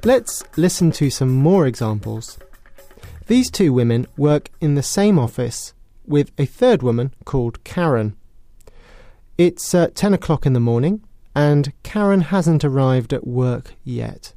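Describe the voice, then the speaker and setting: A British man presenting a scripted English lesson, explaining clearly in a measured way. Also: mid-range voice, animated, mellow, no room sound, faint music behind. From Britain. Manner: clear, measured, explanatory, with acted sarcastic example lines. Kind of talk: scripted educational narration.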